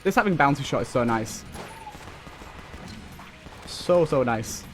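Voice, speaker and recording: A young man giving excitable running commentary while playing a video game, talking back to enemies on screen. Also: medium pitch, takes it slowly. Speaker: let's play host. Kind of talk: gameplay commentary. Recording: faint game music behind.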